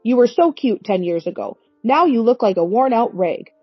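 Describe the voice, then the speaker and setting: A woman's voice: on the high side, lively intonation, normal speed, husky, no room sound, soft background music. A woman voicing a scornful, domineering middle-aged husband in a storybook-style reading, with a sneering, irritable manner. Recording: dull lo-fi recording.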